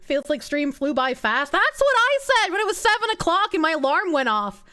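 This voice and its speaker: Woman streamer, high and bouncy voice that jumps around a lot, swears and giggles while reading chat. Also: very animated, normal speed, pushed and bright. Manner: giggly, swings into high squeals and low mumbles; profane, rambling, reacting to chat. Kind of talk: casual live-stream chat.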